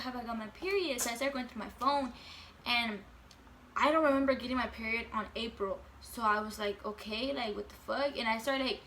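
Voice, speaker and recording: A woman's voice: a little high, pushed and bright, slight background noise. A woman in her late teens telling a casual storytime at home, chatty and full of fillers, swearing freely. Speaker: vlogger.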